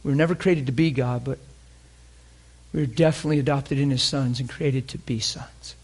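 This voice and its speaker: Brisk and with a breathy edge, a male preacher delivers his sermon at a medium pitch and fairly even intonation. He's fervent and openly emotional, questioning the congregation and moving between loud emphasis and near-whispers.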